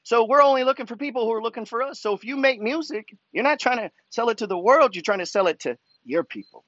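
A man with a fairly high voice delivers a pushy, profanity-laced motivational rant as a show host. The sound is dry and slightly dull. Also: lively intonation, a little fast, fairly bright tone, no echo. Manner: swears constantly, pushy, fired-up. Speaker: host reading follower emails.

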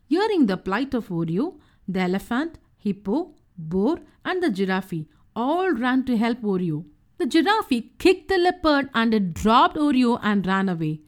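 A woman narrating a children's storybook, reading in a clear, gentle and expressive way. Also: fairly high pitch, a little slow.

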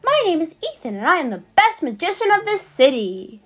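Woman doing a male magician, boastful, high squeaky voice, swooping showman delivery, game character. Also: sing-song, brisk. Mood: showy. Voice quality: high-pitched put-on voice. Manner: grand, theatrical announcing.

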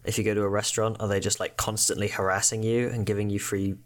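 A man's voice: fairly low pitch, level tone, fast talker. A young man co-hosting a podcast in casual chat, laid-back with dry remarks and frequent laughter. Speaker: podcast co-host.

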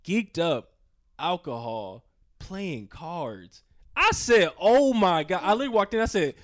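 This young man's voice sits high and moves at a measured pace as he spins a casual yarn. He's animated, slangy and profane, acting out scenes with sound effects and other people's voices.

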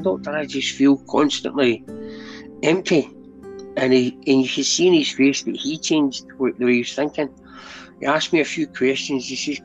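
Scottish man, middle-aged, earnest chatty guest, dull lo-fi sound, faint music behind. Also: mid-range voice. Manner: earnest, with constant "mate" and "do you know what I mean". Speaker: podcast guest. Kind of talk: candid conversational storytelling.

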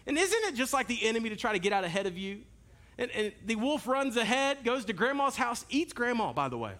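A male pastor preaches a sermon with a very high, bright voice. He is animated, telling stories and speaking straight to his congregation. The delivery feels lively and personal. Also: a little fast. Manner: animated, storytelling, direct to the congregation.

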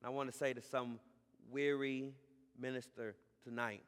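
A man preaching a sermon as a pastor, building from calm teaching to shouted, drawn-out emphasis on key words. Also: mid-range voice, clear, resonant tone. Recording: live sermon in a reverberant hall.

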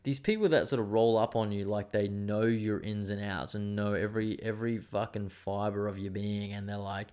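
A man's voice: on the low side, fairly even intonation, normal speed, few pauses, a little mellow, clear, resonant tone. A young man, hosting a casual monologue show. He rambles and digresses and swears freely. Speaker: podcast host.

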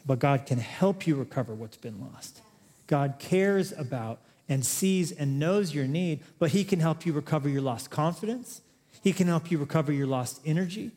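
A man's voice: fairly high pitch, animated, moderate pace, a little mellow. A male pastor preaching a sermon, chatty and joking at times, then building to emphatic, rising exhortations. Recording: long reverb of a large hall.

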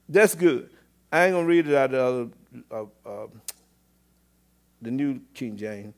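A man preaching a sermon as pastor, swinging between loud exclamations and low murmurs, with repeated call-outs to the congregation. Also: expressive, unhurried, long pauses. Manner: repetitive call-and-response phrasing.

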